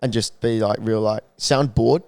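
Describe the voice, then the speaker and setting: A man's voice: lowish voice, fairly even intonation, moderate pace, darkish tone, clear, resonant tone, no room sound. A young man co-hosting a podcast in casual banter, laughing and swearing often. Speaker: podcast co-host. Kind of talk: casual chat.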